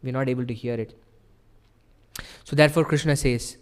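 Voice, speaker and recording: A man's voice: mid-range voice, steady tone, normal speed, long pauses. Earnest man preaching in a reverberant hall. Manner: earnest, explanatory, with frequent rhetorical "right?". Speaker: temple speaker. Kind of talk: devotional sermon. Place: temple hall.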